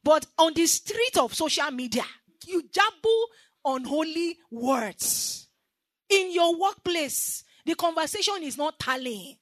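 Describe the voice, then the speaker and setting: A woman's voice: very high voice, lively intonation, slow, a bit bright, no room sound, studio quality. A woman preacher with a Nigerian accent giving an emphatic sermon and calling on the congregation to repeat her words. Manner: emphatic, call-and-response with the congregation.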